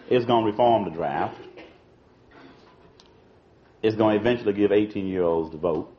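A man giving an informal political talk to an audience, talking in a loose conversational way, repeating words and saying "you know" and "see" often. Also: mid-range voice. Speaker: speaker addressing an audience. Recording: dull lo-fi archival recording.

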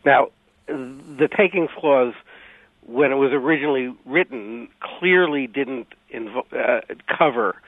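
A man being interviewed on radio as a legal scholar, speaking haltingly with many fillers and restarts. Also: medium pitch, no echo. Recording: dry, phone-like radio line.

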